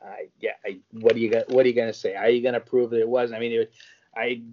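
A man co-hosting a podcast, retelling scenes in a lively, crude comic way. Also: mid-range voice, fast talker, a little hiss or hum. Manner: lively storytelling, crude jokes. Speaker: podcast co-host. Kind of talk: casual comedic chat. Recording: dull lo-fi podcast audio.

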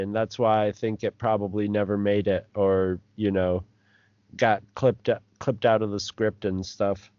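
A man's voice: medium pitch, a little mellow, clear, resonant tone, no echo. A man co-hosting a podcast in laid-back, rambling casual chat. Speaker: podcast co-host. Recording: dry, dull podcast audio.

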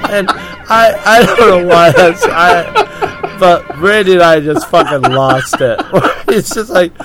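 A man's voice: high voice, slow pace, music in the background. Swearing man laughing through a story. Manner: laughing, swearing, acting out quotes. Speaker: podcast host telling a story. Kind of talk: casual storytelling.

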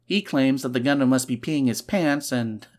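A man hosting a podcast, recapping a comic book with sarcastic, joking asides and sudden bursts of excitement. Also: medium pitch, normal speed. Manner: excitable, swings between loud and quiet. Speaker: podcast host.

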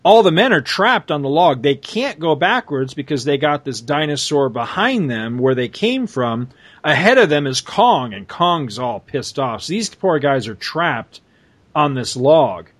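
A man's voice: a little high, animated, a little slow, fairly bright tone. A man in casual chat, animatedly retelling a comic story and laughing often.

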